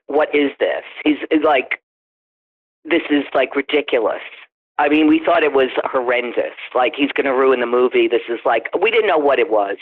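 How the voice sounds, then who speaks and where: A man in an archival interview, recalling a film set in a casual, excitable way, full of fillers. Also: medium pitch. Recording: tinny phone-like archive audio.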